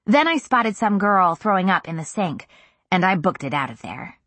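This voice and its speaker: A woman narrating a first-person novel in an intimate, even storytelling manner. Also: fairly low pitch, normal speed, no echo. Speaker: audiobook narrator.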